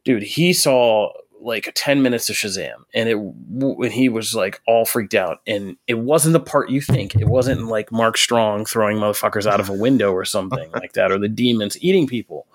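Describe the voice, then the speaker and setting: A man in his thirties talks through a casual film podcast with a profane, ranting delivery. His voice sits somewhat low and the sound is dry and close, with no room around it. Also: normal speed, hardly any pauses, no echo. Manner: profane, ranting, animated storyteller.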